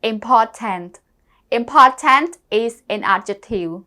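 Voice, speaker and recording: Woman, English teacher, very slow and careful, fairly high voice, spells words out letter by letter. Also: lively intonation, pushed and bright. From Cambodia. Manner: deliberate, repeats each word and spells it letter by letter. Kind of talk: slow classroom lesson.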